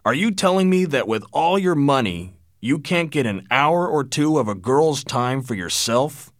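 Guy reading a blunt old dad who lectures, dry sound, swings his pitch a lot. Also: lively intonation, a little slow, dry recording, natural voice. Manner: forceful, lecturing. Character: blunt rich old father, gruff.

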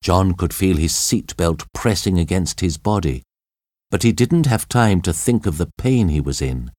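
A man narrating an audiobook story in a dramatic, expressive reading. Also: low-pitched, normal speed, no echo, clean studio sound.

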